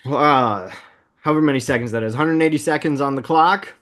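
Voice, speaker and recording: A man in his thirties co-hosting a casual movie podcast, upbeat and laughing often as he recaps the plot at a quick clip. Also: mid-range voice, fairly bright tone. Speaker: podcast co-host.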